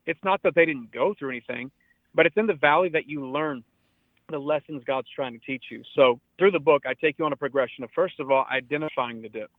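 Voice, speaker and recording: During a radio interview, a forty-something pastor preaches earnestly and urgingly, often repeating words to drive points home. His fairly high voice runs a little fast and comes over a tinny, dry phone line with no echo.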